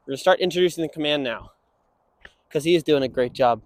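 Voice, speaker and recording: A young man training a dog, explaining casually and breaking into high sing-song praise for it. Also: fast, pauses often, no echo. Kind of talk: instructional walk-and-talk.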